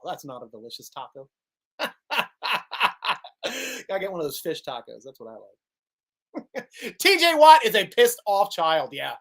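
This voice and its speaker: Animated, laughing sports-show host. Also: male voice, sits high. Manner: excitable, laughs often, animated. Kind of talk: live sports vidcast, reading viewer comments.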